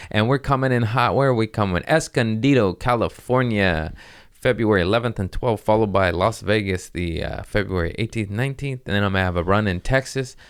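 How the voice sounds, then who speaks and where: This podcast host chats in a loose, rambling way, weary and self-deprecating, with plenty of swearing. He talks fairly quickly in a fairly low, clean-toned voice.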